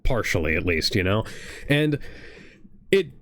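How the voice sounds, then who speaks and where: A man's voice: fairly low pitch, very animated, unhurried, a bit bright, a little hiss or hum. A man from Ohio co-hosting a casual reaction chat, rambling earnestly with many restarts. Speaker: podcast co-host. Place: home streaming setup.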